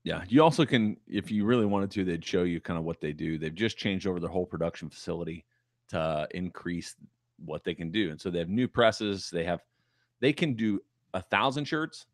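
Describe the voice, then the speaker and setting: A man's voice: low-pitched, fairly quick, no room sound, studio quality. A man co-hosting a basketball podcast, talking in an emphatic, enthusiastic way. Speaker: podcast co-host. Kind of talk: casual sports podcast chat.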